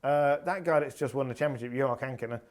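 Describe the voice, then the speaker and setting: A man's voice: mid-range voice, fast talker, a little mellow. A man on a rally panel, telling long anecdotes in casual chat, full of fillers and restarts. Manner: rambling anecdotal storytelling with fillers. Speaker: rally pundit.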